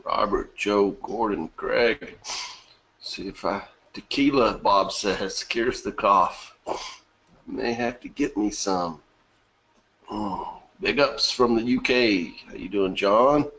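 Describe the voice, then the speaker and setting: Casting: male host with a cough, deep-ish and unhurried, chatty with viewers. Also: fairly bright tone. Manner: reads out viewer names from chat, laughs often. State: has a bad cough. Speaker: webinar host. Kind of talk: casual live webinar chat.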